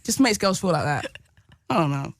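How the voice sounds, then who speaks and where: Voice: mid-range voice, expressive, moderate pace, dry recording. An interviewer teasing a guest with playful questions, fishing for gossip.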